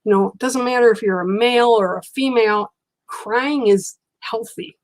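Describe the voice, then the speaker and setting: A woman's voice: fairly high pitch, moderate pace. An older woman hosting a casual livestream, chatting with viewers and reading cards in a chatty, reassuring way. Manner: chatty, reassuring, talks back to viewer comments. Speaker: livestream reader.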